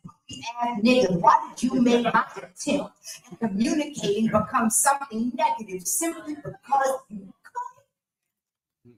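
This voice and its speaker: A woman's voice: fairly high pitch, unhurried. Woman performing raw spoken-word poetry, echoey. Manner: raw, profane, confessional delivery swinging between hushed and loud. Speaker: slam poet. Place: indoor theater venue. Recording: echoey venue, voice from a distance.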